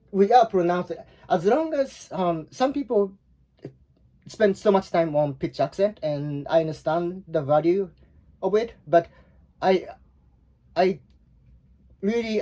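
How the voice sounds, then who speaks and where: Mellow-voiced teacher explaining haltingly. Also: male voice, fairly high pitch. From Japan. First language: Japanese. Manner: halting, searching for words with frequent restarts. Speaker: Japanese language teacher. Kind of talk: explanatory online lesson.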